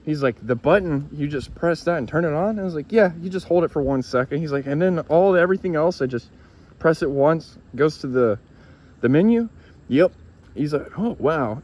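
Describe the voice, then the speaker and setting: A man casually reviewing a gadget for his viewers, rambling and retelling a friend's reactions with some swearing. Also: medium pitch. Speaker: YouTube reviewer.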